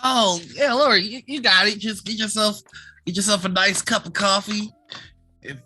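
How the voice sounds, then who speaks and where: Rowdy, laughing, very bright-voiced host. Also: medium pitch, moderate pace, soft background music. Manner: rowdy, laughing, swears freely. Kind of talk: casual live-stream chat.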